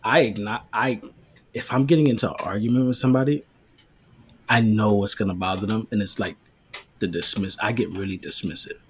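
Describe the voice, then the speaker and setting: A man's voice: on the low side, steady tone, fairly quick, a little hiss or hum. A man co-hosting a casual podcast, talking bluntly and jokily with a lot of swearing. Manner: blunt, profane, jokey. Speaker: podcast co-host.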